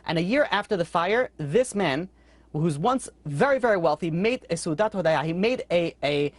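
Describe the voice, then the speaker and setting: A man who teaches a weekly Torah class, telling stories in a quick, conversational way and jumping up in pitch when he voices characters. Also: animated, no room sound. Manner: quick, conversational, acts out characters with sudden high-pitched outbursts.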